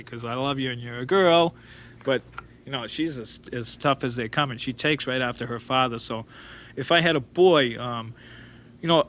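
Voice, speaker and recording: A man, telling rambling stories in an interview and acting out quotes as he goes. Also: medium pitch. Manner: rambling and animated, with frequent restarts and acted-out quotes. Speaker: interview guest. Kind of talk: storytelling interview.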